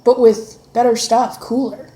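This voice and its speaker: A woman chatting casually with her child at home, encouraging and gently coaxing in a motherly way. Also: on the high side, steady tone, a little slow. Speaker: mother homeschooling her son. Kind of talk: casual family chat. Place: home, at the breakfast table. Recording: echoey room with faint background noise.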